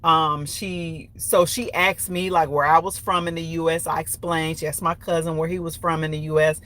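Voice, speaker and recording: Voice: mid-range voice, flat delivery, moderate pace, a bit bright. A vlogger from the United States telling a travel story in a chatty, rambling way with many fillers. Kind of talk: casual storytelling. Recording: noisy background.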